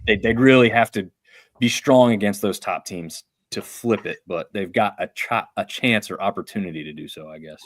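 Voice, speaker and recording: A man's voice: lowish voice, normal speed, no echo, studio quality. A man co-hosting a casual sports talk show, weighing a team's chances with hedges and trailing asides. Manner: lively, hedging, trails off softly. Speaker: podcast co-host.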